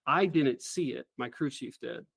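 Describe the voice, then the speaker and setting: A middle-aged man, a former helicopter pilot, telling a story as an interview guest in an earnest, animated way. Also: mid-range voice, measured pace, gravelly, husky, dry recording.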